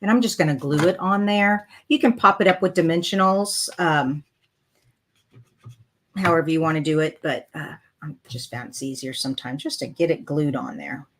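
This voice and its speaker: A woman demonstrates a card-making project live, chatting casually and talking through her slips with self-deprecating good humor. Her voice is low-pitched at a normal pace, with slight background noise.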